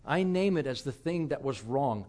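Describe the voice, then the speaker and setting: A man's voice: medium pitch, lively intonation, moderate pace, darkish tone. A middle-aged man preaching a sermon as pastor, telling stories in a candid, self-deprecating, conversational way.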